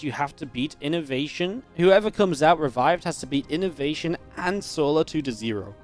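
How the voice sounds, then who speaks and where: A man giving live play-by-play commentary on a strategy game match, chatty and upbeat with quick reactions. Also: medium pitch. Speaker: esports caster.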